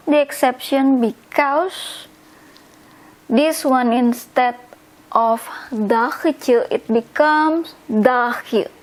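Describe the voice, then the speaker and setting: Slow, high-voiced woman teaching vocabulary. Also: rough recording. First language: Indonesian. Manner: repeats words slowly, spells endings out. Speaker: language teacher. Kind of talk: slow instructional explanation.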